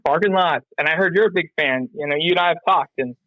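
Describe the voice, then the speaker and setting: A man's voice: fairly high pitch, quick pace, no room sound, dull audio. A man from North Carolina, a podcast guest, chatting casually and rambling with plenty of fillers and restarts. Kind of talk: casual interview chat.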